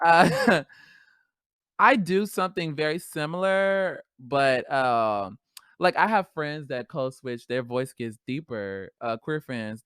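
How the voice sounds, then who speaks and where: A woman hosting a podcast solo, talking in a casual, animated, slangy way and laughing often. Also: rumbling low, clean tone, no echo, studio quality. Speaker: podcast host.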